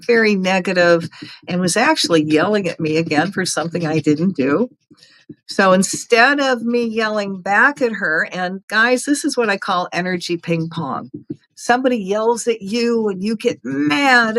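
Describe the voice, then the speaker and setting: A woman's voice: medium pitch, a bit bright, dry recording, rough recording. A middle-aged woman hosting a casual spiritual talk, earnest, chatty and encouraging. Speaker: host.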